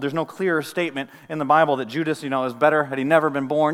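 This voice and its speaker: A male pastor giving a sermon, moving between hushed, intimate lines and loud, emphatic ones, with casual asides and light humor. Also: fairly high pitch, fast, long reverb tail. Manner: animated preaching, swinging from soft to loud. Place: church sanctuary.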